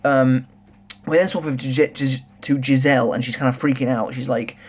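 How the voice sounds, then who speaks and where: A young man reviewing a manga chapter in a casual, rambling, excitable way, full of restarts and filler words. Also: medium pitch, brisk, slightly rough. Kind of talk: casual solo review chat.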